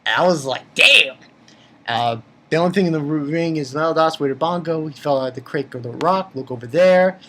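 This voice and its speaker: A man giving an excitable, rambling recap of a manga chapter, repeating himself, swearing casually and jumping into high squeaky voices when he quotes. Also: brisk, a little hiss or hum. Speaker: manga reviewer.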